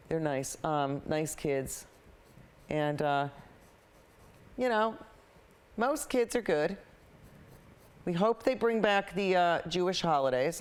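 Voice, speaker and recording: A painting show host who chats casually while painting, rambling between opinions and work, often repeating points and restarting sentences with plenty of fillers. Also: mid-range voice.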